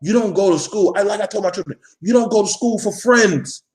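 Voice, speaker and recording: Here a male vlogger rants live to his audience, swearing, preaching and calling them out bluntly while driving his point home. His voice sits high and is a little mellow, and he talks briskly.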